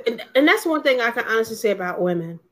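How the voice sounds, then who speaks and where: A woman's voice: fairly high pitch, sing-song, quick pace, over a noisy crowd. A woman talking bluntly and emphatically in a casual panel discussion, swearing freely and mimicking others' lines.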